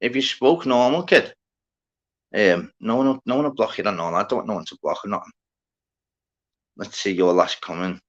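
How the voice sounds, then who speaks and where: A man's voice: lowish voice, normal speed, long pauses, lo-fi sound. A man hosting a livestream, chatting casually and rambling to his viewers, full of slang and swearing as he greets people in the chat. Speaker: livestream host.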